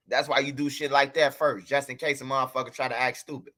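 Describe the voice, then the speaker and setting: A man's voice: mid-range voice, a little fast, hardly any pauses, fairly bright tone. A man hosting a livestream, telling a story and talking straight to his chat in a loose, profane way. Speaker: livestream host. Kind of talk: casual livestream commentary.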